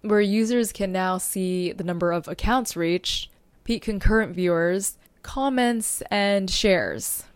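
A woman's voice: medium pitch, takes it slowly, clear, resonant tone, dry recording. A young adult woman hosting a solo podcast as a social media strategist, talking in an upbeat, informative way and now and then tripping over her words.

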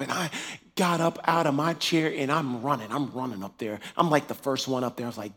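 A man telling his faith testimony in a lively, animated way, acting out dialogue and laughing as he goes. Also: mid-range voice, brisk, breathy edge.

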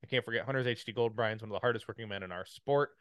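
A man's voice: on the low side, very fast, a bit bright, clean tone, dry recording, clean studio sound. A man hosting a podcast, reading sponsor plugs in a rambling, upbeat way with lots of fillers. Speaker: podcast host. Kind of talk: casual sponsor read.

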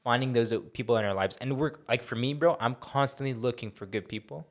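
A man's voice: mid-range voice, fast. A young man co-hosting a casual podcast, playful and teasing, calling his friend bro and dude. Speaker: podcast co-host. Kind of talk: casual chat.

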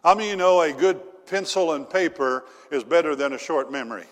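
Folksy preacher in an echoing hall. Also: male voice, a little high, fast. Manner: folksy storytelling with fillers and crowd questions. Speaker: pastor. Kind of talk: sermon.

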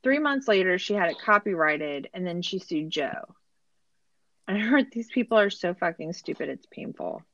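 A woman's voice: on the low side, expressive, moderate pace, a bit bright, dry recording, highs cut off. A woman hosting a casual podcast, recapping a show in a laughing, incredulous way, with lots of "like". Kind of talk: casual chat.

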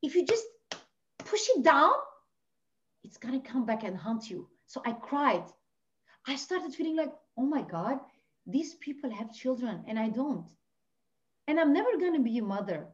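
A woman from Lebanon, a podcast guest telling her personal story with passion, swinging between hushed and near-shouting. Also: high voice, big pitch swings, moderate pace, pauses often. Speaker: podcast guest, life coach. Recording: dull lo-fi audio.

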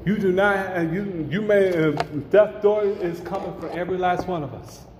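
A fervent male preacher with a high voice delivers a sermon that builds into shouts and half-sung cries. His voice rings through a large, echoey hall, with faint room noise behind him. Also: moderate pace. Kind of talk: fiery sermon. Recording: roomy hall reverb, faint ambience.

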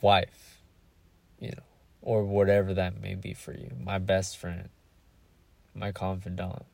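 A man's voice: deep voice, completely flat delivery, slow, gravelly, a little mellow. A young man hosting a casual solo podcast, talking candidly and rambling, searching for words and swearing freely. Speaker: podcast host.

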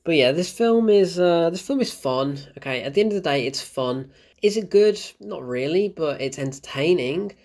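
A man's voice: fairly high pitch, normal speed. Young guy reviewing a movie, laughs a lot, gets worked up and incredulous, chatty. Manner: animated, laughs often, exasperated asides. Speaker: film reviewer and show host. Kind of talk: casual film review monologue.

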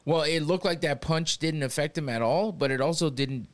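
A man's voice: fairly high pitch, moderate pace. A man hosting a casual fight watch-party podcast, cursing freely and laughing often as he comments. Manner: profane, laughs often, jokey. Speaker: podcast host.

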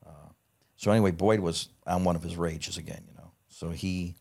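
A middle-aged man telling a profane, lively anecdote in casual conversation. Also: deep voice, moderate pace, gravelly. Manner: profane, animated anecdote teller. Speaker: guest. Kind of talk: casual storytelling.

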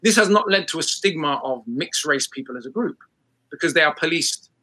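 A young adult British man from England, giving a talk to an audience about race and class in an emphatic, quick manner with frequent restarts. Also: fairly high pitch, expressive, bright, forceful tone, dry recording, poor audio. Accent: British English. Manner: fast, emphatic, many restarts.

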